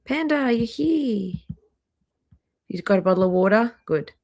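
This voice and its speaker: A woman hosting a casual live stream, chatty and greeting viewers by name one after another, a little hoarse, talking into a laptop microphone indoors. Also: a little high, lively intonation, normal speed, darkish tone. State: slightly hoarse, clearing throat. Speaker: livestream host. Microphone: laptop microphone near trackpad.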